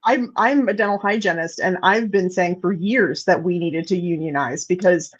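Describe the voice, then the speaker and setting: A woman's voice: lowish voice, moderate pace. A woman hosting a casual chat, speaking candidly with swearing and frequent restarts. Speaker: host. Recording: dull lo-fi sound.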